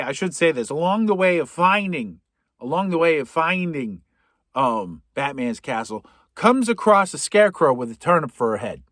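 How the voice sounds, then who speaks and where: A man with a Boston accent rants through a comedic movie recap, sarcastic and profane. His voice sits a bit high. The recording is dry and close. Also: no echo. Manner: sarcastic, profane, rambling asides. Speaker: podcast host.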